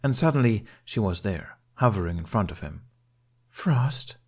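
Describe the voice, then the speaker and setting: Male narrator for a fan fiction audiobook, low-pitched, steady delivery. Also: brisk. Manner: steady, storytelling.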